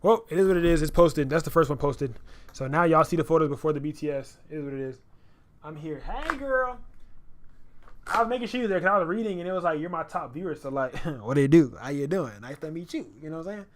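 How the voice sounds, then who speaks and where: Young male streamer, slightly raised pitch, loose slangy repeating banter over his editing. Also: quick pace, slight background noise. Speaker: photographer live-streaming an edit. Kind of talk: casual live-stream chat.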